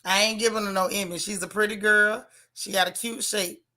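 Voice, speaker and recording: A woman's voice: medium pitch, fairly even intonation, brisk, bright, forceful tone. A woman hosting a casual live chat, blunt and sassy, reading viewer comments aloud. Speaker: livestream host.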